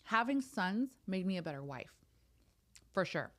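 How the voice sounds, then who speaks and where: A young adult woman co-hosting a casual sister chat, blunt and animated, swearing as she tells stories. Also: medium pitch, normal speed. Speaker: podcast co-host.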